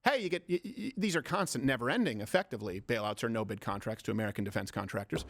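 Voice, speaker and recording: A man hosting a political comedy show, ranting sarcastically in rapid-fire rhetorical questions. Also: mid-range voice, animated. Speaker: host.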